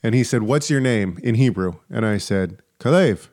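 A man's voice: lowish voice, normal speed, a little mellow, no room sound, studio quality. A man co-hosting a faith podcast, chatting casually and telling stories with lots of fillers and restarts. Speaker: podcast co-host.

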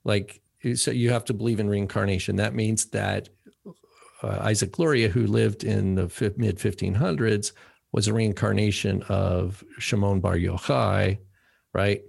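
A man's voice: on the low side, steady tone, a little slow, gravelly, darkish tone, breathy edge. A man co-hosting a theology podcast, explaining religious history in a casual, rambling way, often tagging on "right?". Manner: explanatory, trailing phrases with "right?". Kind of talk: casual chat about theology.

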